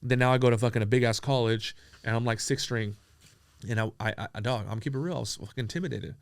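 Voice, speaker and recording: A man from San Diego telling profane, animated stories as an interview guest, acting out the dialogue he quotes. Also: mid-range voice, fast, dry recording, studio quality. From San Diego, USA. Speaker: entrepreneur guest. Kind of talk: casual storytelling interview.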